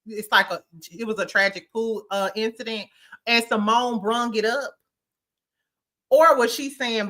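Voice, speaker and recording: A woman's voice: fairly high pitch, expressive, normal speed, sharp tone. A woman hosting a casual, slangy recap chat, acting out quotes and laughing often. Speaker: podcast host.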